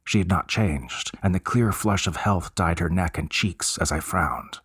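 A man reads a gothic tale aloud in a measured, unhurried way. His voice is very low and husky, close on the mic in a dry room. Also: fairly bright tone, dry recording. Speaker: narrator. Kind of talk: scripted story narration.

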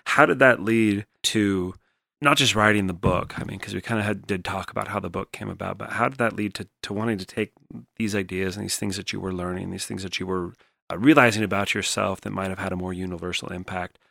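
A man's voice: deep voice, fairly even intonation, brisk, vocal fry, bright, forceful tone, dry recording, studio quality. A man hosting a podcast, asking long, rambling questions. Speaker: podcast host. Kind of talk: interview questions.

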